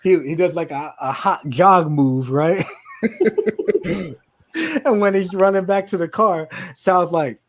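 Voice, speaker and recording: Animated high-voiced man telling a story. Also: slow, pauses often. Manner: animated, laughing, profane, acts out friends' lines. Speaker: podcast co-host. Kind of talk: casual storytelling chat.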